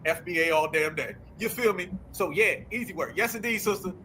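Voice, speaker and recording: A man hosting a political commentary show, talking in an animated, sarcastic, slangy way. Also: sits high, brisk, slight background noise. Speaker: host.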